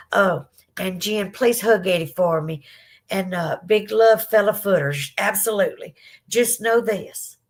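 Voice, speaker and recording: A Southern woman hosting a live podcast, chatting affectionately and emotionally with viewers after she has been crying. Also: mid-range voice. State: teary from crying. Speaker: livestream podcast host. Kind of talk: casual chat to live viewers.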